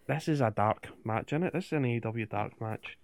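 A man's voice: medium pitch, brisk, gravelly, no echo, studio quality. A man co-hosting a podcast, recapping wrestling in casual chat with swearing and rhetorical questions. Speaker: podcast co-host.

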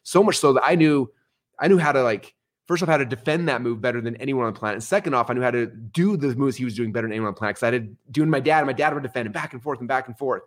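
Fast-talking man telling his story. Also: mid-range voice. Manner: animated, swings into excited outbursts. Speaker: podcast guest. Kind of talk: casual storytelling.

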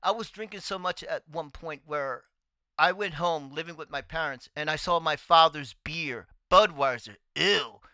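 A man hosting a podcast, telling a personal story in an animated, exclaiming way with frequent laughter. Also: a little high, normal speed, smooth, no room sound. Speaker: podcast host and artist.

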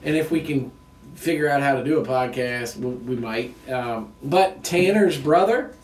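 A man's voice: medium pitch, normal speed, a little hiss or hum. A man co-hosting a podcast in casual chat, laughing often and restarting his sentences. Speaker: podcast co-host. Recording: roomy room, mic at a distance.

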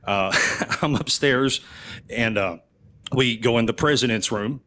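A man's voice: measured pace, a little hiss or hum. A man, a military veteran, telling funny stories on a podcast and laughing often as he goes. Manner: animated, laughs often, swings his voice up high for quoted lines. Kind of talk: casual podcast storytelling.

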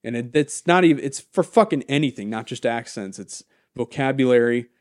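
A man talking casually on a podcast, rambling through stories in a mid-pitched voice. He gets animated and swears freely. The mic is close and the sound is dry. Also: brisk, dry recording. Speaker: podcast co-host.

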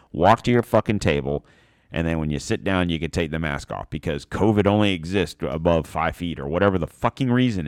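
A man's voice: low voice, dry recording, clean studio sound. A man ranting bluntly and profanely in a casual opinion monologue.

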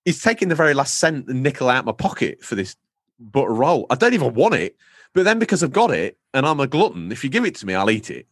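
A man's voice: mid-range voice, very animated, fast, a bit bright, slightly rough, no room sound, clean studio sound. An English man co-hosting a casual comedy chat, rambling through jokey stories and slipping into silly voices. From England. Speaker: podcast co-host.

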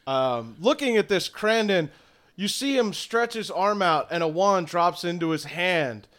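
A man running a tabletop game as game master, narrating scenes in an unhurried way with fillers. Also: high voice, lively intonation, a bit bright.

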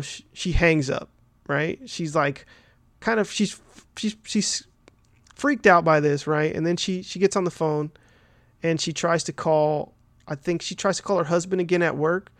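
A man's voice: fairly high pitch, no echo. A man hosting a podcast, casually recapping a film plot in a rambling, profane way, full of fillers and "right?" tags. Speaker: podcast host.

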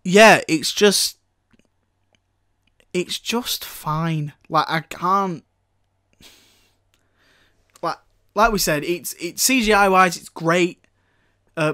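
A young man chats casually as host of a film review podcast, joking and teasing as he goes. His voice sits a little on the high side. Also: takes it slowly, long pauses, bright, forceful tone. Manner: jokey, teasing, laughs often.

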